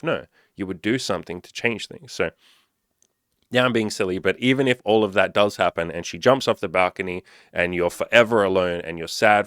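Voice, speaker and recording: A man speaks straight to camera in a loose, profane, animated way. His voice sits on the low side and the sound is dry and close, with no room around it. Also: dry recording. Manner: profane, animated, acts out panicky inner voices. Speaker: self-improvement coach. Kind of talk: casual monologue to camera.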